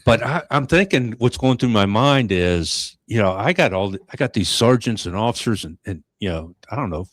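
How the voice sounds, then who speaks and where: A middle-aged man hosting a podcast, talking in a reflective, halting way with many restarts. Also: fairly low pitch, expressive, fairly bright tone, no room sound. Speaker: podcast host. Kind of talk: casual chat.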